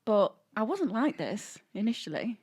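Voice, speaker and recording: A woman's voice: medium pitch, very animated, moderate pace, darkish tone, breathy edge. A woman with a mid-range voice, talking casually as a podcast co-host. She speaks frankly and runs herself down. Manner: frank, self-deprecating venting. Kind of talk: casual chat.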